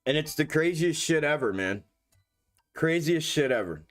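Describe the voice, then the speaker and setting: Excitable cursing man on a trading livestream. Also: a little high, moderate pace, soft background music. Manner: profane, excitable, talks to viewers as "y'all". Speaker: stock market livestream host. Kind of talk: casual livestream commentary. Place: home desk setup.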